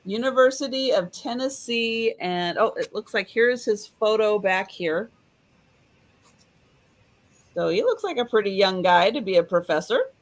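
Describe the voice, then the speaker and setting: A woman in a live chat, describing an item for sale in an unhurried, matter-of-fact way. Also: medium pitch, expressive. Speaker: seller. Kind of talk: casual sales pitch.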